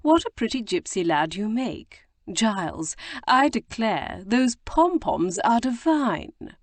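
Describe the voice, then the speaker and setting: A woman narrator puts on a mischievous older society lady, arch and teasing. The lines come slow and drawling, slightly raised in pitch, recorded dry and close. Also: sing-song, no echo, heavily acted.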